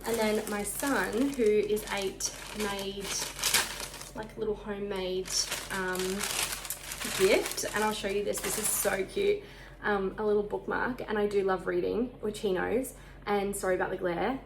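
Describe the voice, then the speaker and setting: Aussie mum vlogging at home, talks super fast and a bit breathless, echoey room with a little hiss. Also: female voice, medium pitch. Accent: Australian. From Australia. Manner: fast-talking, chatty, sounds out of breath. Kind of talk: casual chat.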